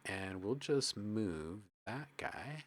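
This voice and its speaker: A man's voice: fairly low pitch, extremely slow, no echo, studio quality. A man hosting a live music-production stream, talking casually and enthusiastically while he works and reads out chat comments. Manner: relaxed, enthusiastic, reads chat aloud, thinks out loud. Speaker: livestream host and music producer.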